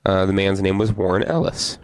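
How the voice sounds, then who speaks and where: Male co-host, deep-ish, laid-back rambling podcast chat, dry sound. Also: fairly quick, no echo, poor audio. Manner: relaxed, rambling, reads beer labels aloud. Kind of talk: casual chat.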